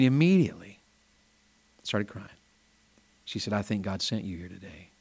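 A man preaching a revival sermon in a small church, folksy and storytelling, rising to loud emphatic peaks. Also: fairly low pitch.

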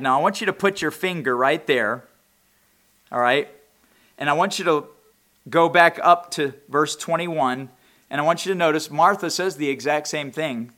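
A man preaching a sermon, reading scripture aloud and rising to loud, impassioned peaks. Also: on the high side, normal speed. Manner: reads scripture aloud in King James wording. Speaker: pastor.

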